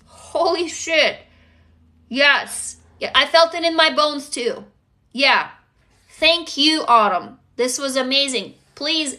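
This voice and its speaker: A woman hosting a casual livestream, reading viewer stories aloud and reacting in an effusive, excitable way, swearing when impressed. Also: high-pitched.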